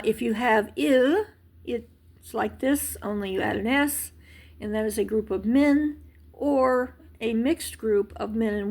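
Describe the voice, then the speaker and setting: Slow, gravelly-voiced woman teaching languages. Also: fairly high pitch. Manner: slow, patient, many ums and restarts. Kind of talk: casual language lesson.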